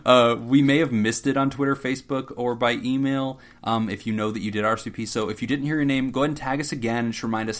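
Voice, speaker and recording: A man's voice: medium pitch, fairly even intonation, quick pace, few pauses. A man co-hosting a casual podcast, reading out supporter thank-yous with frequent laughter. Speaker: podcast co-host.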